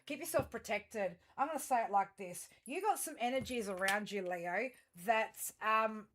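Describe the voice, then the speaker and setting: A woman's voice: a little high, animated, moderate pace, fairly bright tone, slight background noise. A woman giving a tarot reading to her viewers, rambling through fillers and restarts and turning blunt and emphatic, with plenty of swearing. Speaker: tarot reader.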